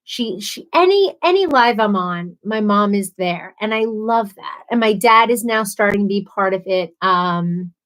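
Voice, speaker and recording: A woman's voice: mid-range voice, lively intonation, a little slow, few pauses, a bit bright, low-quality recording. A woman hosting a casual livestream, reading viewer comments aloud and chatting in a bubbly, chatty way. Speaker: livestream host.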